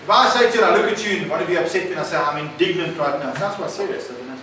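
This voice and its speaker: A man's voice: sits high, expressive, racing, sharp tone, slight background noise. Emphatic preacher man, echoey room. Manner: emphatic, questioning the audience. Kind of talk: sermon. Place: recovery centre meeting room. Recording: echoey room, mic at a distance.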